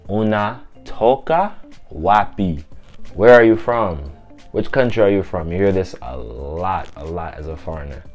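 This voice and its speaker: A man giving a casual language lesson, repeating each phrase slowly and clearly and explaining in a loose, relaxed way. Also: low-pitched, faint music behind. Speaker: language teacher.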